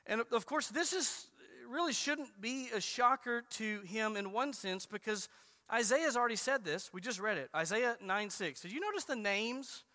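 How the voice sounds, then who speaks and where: A man preaching a sermon as a pastor, stressing key phrases slowly and emphatically. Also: high-pitched, expressive, pushed and bright. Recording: reverberant hall.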